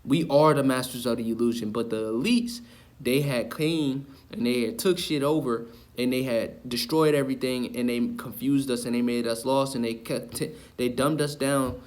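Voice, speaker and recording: A man's voice: medium pitch, fairly even intonation, normal speed, a little mellow. A man in a mid-range voice delivers an impassioned spiritual rant. He preaches hard, curses freely and circles back to repeat his points. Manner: preachy, profane, repeats himself for emphasis. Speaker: online video host.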